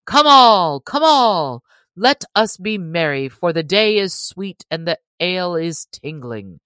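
A woman reading aloud and voicing a big, hearty male yeoman who is slow to anger, speaking in booming old-fashioned English. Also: expressive, sharp tone, dry recording, heavily acted. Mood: jovial.

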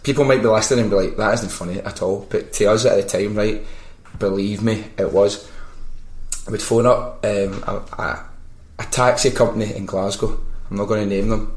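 A man with a Glaswegian accent who hosts a podcast, telling stories in casual, animated chat and swearing freely. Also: lowish voice, normal speed. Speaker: podcast host. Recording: roomy echo.

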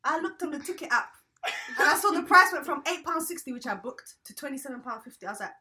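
A woman's voice: sits high, lively intonation, fast, sharp tone. A young woman, co-hosting a podcast and telling stories expressively, acting out what others said. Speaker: podcast co-host. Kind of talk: casual chat.

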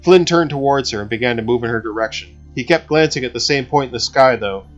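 A man narrating an audiobook in a steady, measured reading. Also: mid-range voice. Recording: slightly dull recording with faint music.

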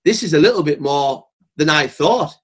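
Man, podcast guest, higher-pitched, blunt, swears a lot, lively storytelling. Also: moderate pace, breathy edge. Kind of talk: casual podcast chat.

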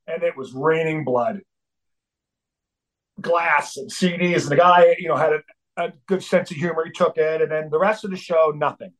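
Middle-aged drummer guest, foul-mouthed, slightly high voice, acts out quotes. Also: male voice, moderate pace, rough recording. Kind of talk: animated storytelling.

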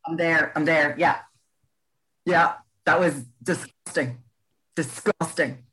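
An Irish woman co-hosting a podcast, chiming in with quick, teasing remarks in a casual chat. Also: low voice, a bit bright, low-quality recording. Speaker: podcast co-host.

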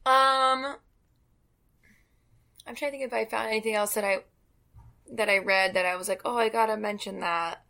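A woman's voice: mid-range voice, steady tone, normal speed, creaky, long pauses, bright, forceful tone. A woman co-hosting a podcast in casual chat, chatty and hesitant, laughing easily. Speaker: podcast co-host.

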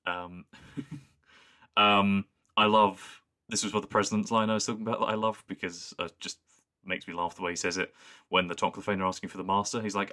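A young man with a low voice and a bright, forceful edge co-hosts a casual podcast chat. He talks with real enthusiasm. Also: little pitch movement, brisk. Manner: enthusiastic, quotes lines in a put-on voice. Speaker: podcast co-host.

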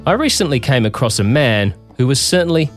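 A man narrating a documentary in a measured, scripted way. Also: mid-range voice, sing-song, soft background music. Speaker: documentary host.

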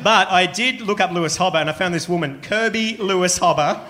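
A man hosts a live comedy panel and teases his guests. His voice is bright and sits a little high. He jokes easily, with quick restarts. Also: slight background noise. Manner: teasing, joking, with restarts. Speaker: comedy podcast host. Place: theatre stage before a live audience.

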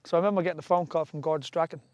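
A man's voice: fairly high pitch, fairly even intonation, very fast, darkish tone, dull audio. A man from Ireland in his forties, a former footballer telling stories in casual chat, full of restarts and asides. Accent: Irish. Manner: rambling storytelling with restarts.

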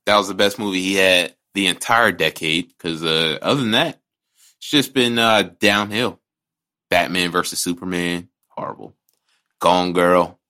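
A man's voice: low voice, unhurried, pushed and bright. A man co-hosting a casual movie podcast, talking bluntly and profanely, often restarting his sentences. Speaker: podcast co-host.

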